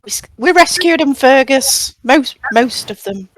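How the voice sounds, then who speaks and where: A woman's voice: sits high, lively intonation, unhurried, no echo. A woman playing in a tabletop game, replying playfully in a sing-song way. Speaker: player.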